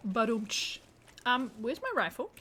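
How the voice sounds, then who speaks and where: A woman's voice: a little high, bright, forceful tone, slight background noise. A woman streaming a game from home, chatting casually and joking, sometimes talking with her mouth full. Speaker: live streamer. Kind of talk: casual live-stream chat while gaming.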